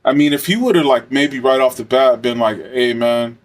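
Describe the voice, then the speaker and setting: A man's voice: medium pitch, moderate pace. Man telling a rambling, profane story. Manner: rambling, profane, many fillers. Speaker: former correctional officer. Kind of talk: casual storytelling.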